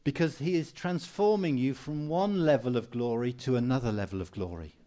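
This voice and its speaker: A man's voice: mid-range voice, a little fast, mellow. A man preaching a sermon in an earnest, encouraging way, repeating phrases for emphasis. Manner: mimics people for humor with raised voice.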